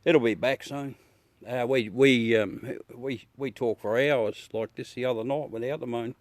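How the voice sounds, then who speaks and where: Here a middle-aged Australian man runs a casual live chat with his viewers, speaking bluntly, swearing, and calling everyone mate. His mid-range voice is steady and darkish, delivered at a measured pace with no echo.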